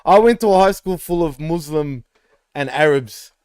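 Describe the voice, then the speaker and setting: A male co-host chatting loosely about wrestling, cursing freely and often breaking into laughter. His voice sits a little high for a man. The sound is dry and close to the mic. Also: animated, moderate pace, darkish tone, smooth, dry recording. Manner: swears a lot, laughs often, teasing. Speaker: podcast co-host. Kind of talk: casual wrestling chat.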